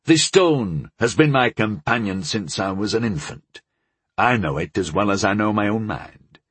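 Guy doing an old hedge mage, low slow husky voice, calm and wise, dry close sound. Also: no echo, heavily acted.

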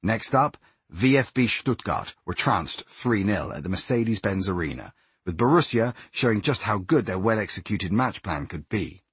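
Male narrator, husky and low, lively intonation, dry close read. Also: moderate pace, dry recording. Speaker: audiobook narrator. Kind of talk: scripted narration.

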